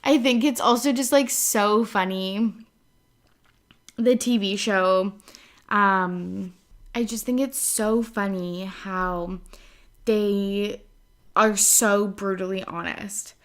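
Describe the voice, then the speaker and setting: A woman's voice: mid-range voice, steady tone, takes it slowly. Young woman, podcast host, from Canada, casual solo chat, filler-heavy, swears casually.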